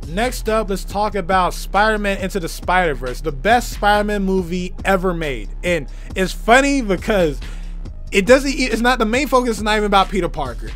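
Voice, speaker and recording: A young man with a hoarse, worn-out voice giving an enthusiastic, rambling movie review full of fillers. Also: high-pitched, a bit bright. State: hoarse, tired voice. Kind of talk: casual movie review vlog.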